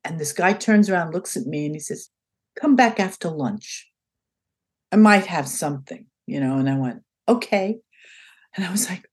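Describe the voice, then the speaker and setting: A woman's voice: on the low side, moderate pace, husky. An older woman being interviewed as a guest, telling a story in a casual way and acting out the lines of each person in it. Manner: animated, acts out quoted dialogue in changing voices.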